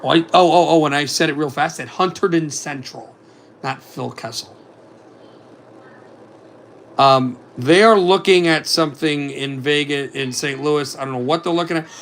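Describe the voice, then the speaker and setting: A man calling hockey play-by-play for a fan simulcast, in a rapid running commentary with asides on other scores. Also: fairly high pitch, fairly bright tone, slight background noise.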